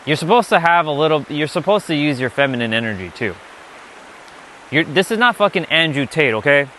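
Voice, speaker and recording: Teaching spirituality off the cuff, this man is blunt, emphatic, and frequently profane. He speaks fairly quickly in a high-leaning, bright, forceful voice with lively intonation, over a faint hiss or hum.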